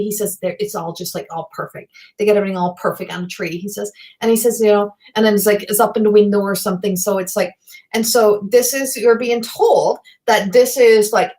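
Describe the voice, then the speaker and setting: A middle-aged woman, giving a live psychic reading in a rambling, excitable way and swearing freely. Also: mid-range voice, brisk. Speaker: psychic medium.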